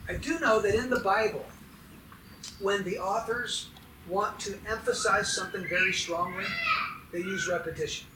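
A man's voice: high voice, moderate pace, reverberant, far from the mic, noisy background. A man preaching a sermon as pastor, emphatic and putting questions to his congregation.

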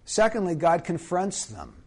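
A man preaching a sermon in an earnest, emphatic way, slowing down to stress key phrases. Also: high-pitched, huge pitch swings, breathy edge.

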